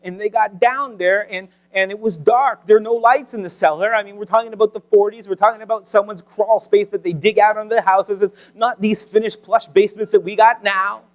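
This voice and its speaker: Preacher telling a dramatic story. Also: male voice, high-pitched, fairly even intonation, brisk, few pauses. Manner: dramatic storytelling, drops to near whispers. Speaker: pastor. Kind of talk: sermon storytelling. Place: church sanctuary.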